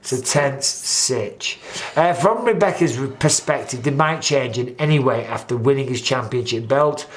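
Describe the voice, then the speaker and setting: A man's voice: mid-range voice, moderate pace, few pauses. A man, hosting a casual chat and acting out what people said, with swearing. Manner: animated, swearing, acts out quotes. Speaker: host.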